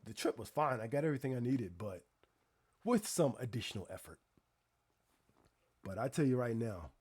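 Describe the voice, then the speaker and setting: A man talks casually to his live stream chat in a medium-pitched voice. He tells stories with animated energy and tosses exasperated rhetorical questions at his viewers. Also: husky. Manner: animated storytelling, addressing chat directly. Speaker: livestream host.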